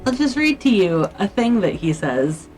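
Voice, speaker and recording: A woman's voice: mid-range voice, big pitch swings, normal speed, darkish tone, rough recording. A woman livestreaming her writing session, muttering and thinking aloud to her viewers in casual chat, with faint music playing behind her. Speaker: livestreamer doing writing sprints.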